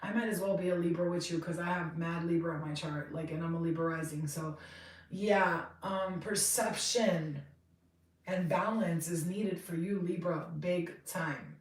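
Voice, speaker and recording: A woman in her thirties giving a casual tarot reading, chatty and rambling, swearing freely and getting excitable. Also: lowish voice, normal speed, distant mic. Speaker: tarot reader. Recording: roomy, off-mic sound.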